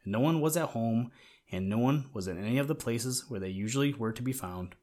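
Man, storybook narration, gentle, measured, middle pitch. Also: lively intonation. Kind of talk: storybook reading.

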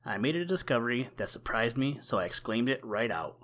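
A man's voice: medium pitch, expressive, brisk, a bit bright, natural voice. A man voicing a shrewd, self-assured male crow in a storybook reading, with a slightly raised, sly delivery. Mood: chatty.

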